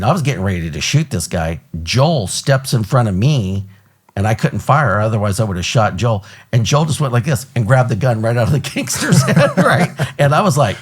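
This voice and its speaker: Animated storytelling man, low voice. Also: husky. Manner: animated storyteller, acts out quotes. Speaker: podcast host. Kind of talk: storytelling in casual interview.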